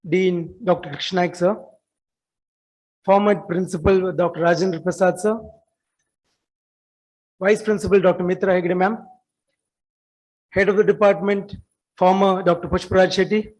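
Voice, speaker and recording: A man in his forties with an Indian English accent, giving an earnest welcome speech in an auditorium, halting with fillers and restarts. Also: high voice, a little mellow, rough recording. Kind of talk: formal welcome speech at an alumni meet.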